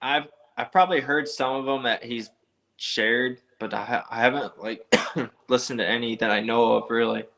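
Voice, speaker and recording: A motocross racer from the eastern United States talks as a guest on a podcast. He speaks in a steady, flat line with a bright, forward tone. His manner is plainspoken and laid-back. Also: mid-range voice, normal speed, gravelly. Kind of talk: casual interview chat.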